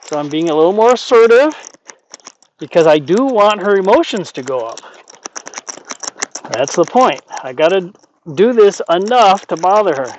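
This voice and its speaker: A man working as a horse trainer, calmly explaining while talking gently and soothingly to a horse outdoors. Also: sits high, moderate pace, pauses often, highs cut off, a little hiss or hum. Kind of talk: training commentary.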